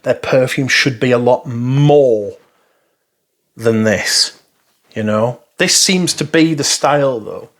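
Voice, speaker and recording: A fragrance reviewer gives casual, rambling first impressions, blunt and full of swearing. His mid-range voice takes it slowly.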